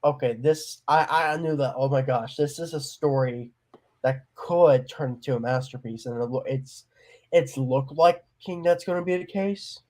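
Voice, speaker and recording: A man's voice: mid-range voice, moderate pace, a little mellow. A young man talking about his own film during a livestream, eager and hesitant, with many restarts. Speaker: guest filmmaker. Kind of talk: casual livestream chat.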